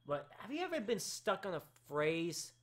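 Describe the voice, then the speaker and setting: A man hosting a casual live talk show, excitable and rambling, with his voice cracking and breaking into sudden shouts. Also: sits high, normal speed.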